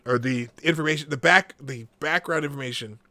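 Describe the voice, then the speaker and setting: A man's voice: on the high side, fairly quick, sharp tone, no room sound. A man hosting a casual live-stream commentary show, sarcastic and rambling, reading news articles aloud between asides.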